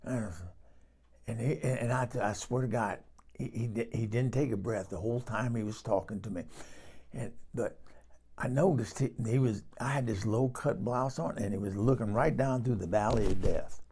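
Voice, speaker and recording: A man playing a bawdy gravelly old gal. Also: mid-range voice, normal speed, a little mellow. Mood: gossipy. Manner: bawdy, exclaiming, swoony asides. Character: bawdy older Southern woman gossip. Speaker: comedic character storyteller. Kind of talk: comic monologue in character.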